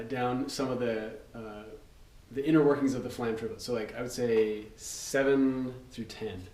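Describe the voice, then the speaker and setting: A man talking casually as a drum teacher, explaining rudiments in a loose way with fillers. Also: mid-range voice. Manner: relaxed, loose, with fillers and counting aloud. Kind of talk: casual instructional talk. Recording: roomy, distant mic, loud noise.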